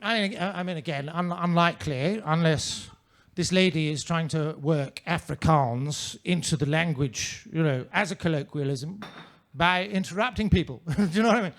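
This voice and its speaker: A man's voice: on the high side, moderate pace, a bit bright. A male stand-up comedian performing in a comedy club with a mannered, theatrical, droll delivery into a handheld mic.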